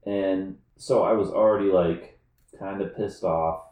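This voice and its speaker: A man's voice: low voice, measured pace, reverberant. A man telling a workplace story in casual chat, acting out other people's lines as he goes. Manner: animated storyteller, acts out shouted lines.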